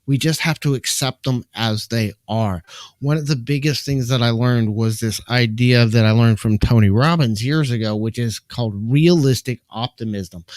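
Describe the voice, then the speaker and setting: A man hosting a live stream from home, giving a calm, earnest and measured reflective spiritual talk into a microphone. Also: medium pitch, no echo. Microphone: desk microphone.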